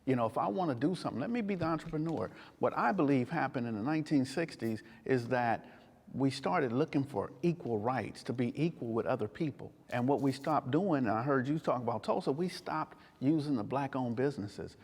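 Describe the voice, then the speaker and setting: A man in his sixties explains his point by telling a personal story. His voice sits at a middle pitch, and the clip carries a long reverb. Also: lively intonation, a little fast, a little mellow, breathy edge. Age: 60s. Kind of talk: reflective conversation.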